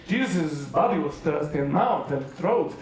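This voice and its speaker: A man's voice: a little high, noisy background. A man from Serbia with a Serbian accent, preaching a playful, joking sermon to a youth rally. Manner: playful storytelling with jokes and quick asides. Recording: very echoey hall, mic far off.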